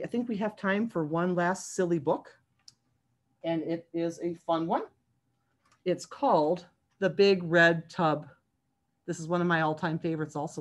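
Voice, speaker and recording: This is a female children's librarian with a lowish voice, reading a picture book aloud to small children via video call. She keeps it sing-song and animated, stopping for questions to the kids.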